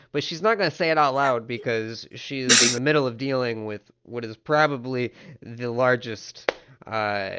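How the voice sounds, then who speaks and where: A man narrating as game master of a tabletop game, in a relaxed, rambling way with restarts. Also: mid-range voice, muffled recording.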